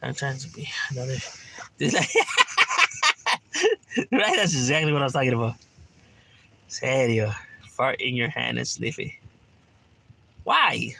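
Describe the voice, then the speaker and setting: Sharp-toned and unhurried, this man's medium-pitched voice has vocal fry and frequent pauses as he reads chat on a home livestream. His manner stays relaxed, slangy and foul-mouthed, with "right?" dropped in again and again.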